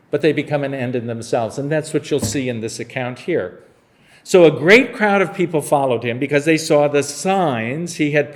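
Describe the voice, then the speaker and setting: Preaching to his congregation, a pastor with a slightly higher-than-typical male voice explains a Bible passage as if chatting with them. Along the way he drifts into funny, playful retellings of the scenes.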